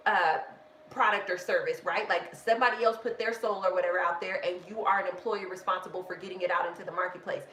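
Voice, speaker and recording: A woman hosting a live budgeting stream, talking in a casual, animated rant and often restarting with "like.". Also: medium pitch. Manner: animated, self-interrupting, heavy use of "like". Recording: echoey room with faint background noise.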